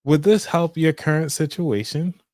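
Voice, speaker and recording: A man voicing a courteous credit card phone receptionist in a put-on deep voice. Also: normal speed, a little mellow, dry recording, close to an everyday voice. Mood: polite.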